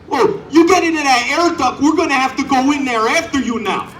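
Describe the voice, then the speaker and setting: A man's voice: very high-pitched, a little fast, a bit bright, roomy sound, recorded from a distance, voice pushed up. A man voicing an overly polite, nervous Canadian astronaut who keeps placating and exclaiming. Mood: flustered.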